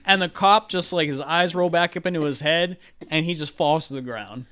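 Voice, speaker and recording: A man's voice: on the high side, moderate pace, a bit bright, clean tone. A man narrating as game master in a casual tabletop session, rambling with many fillers. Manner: rambling, lots of filler likes, laughs often.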